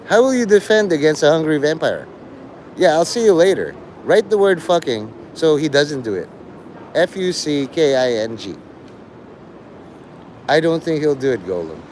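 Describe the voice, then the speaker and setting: A man's voice: a little high, very animated, moderate pace, long pauses, darkish tone, a little hiss or hum. A man hosting a livestream, lecturing and taunting his chat like a mock teacher.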